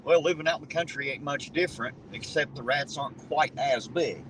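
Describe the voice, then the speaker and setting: A channel host with a Southern US accent leads a casual outdoor chat, drawling folksy, profane tall tales. His voice is a little high, brisk, and a bit bright, picked up by a distant mic over a noisy outdoor background.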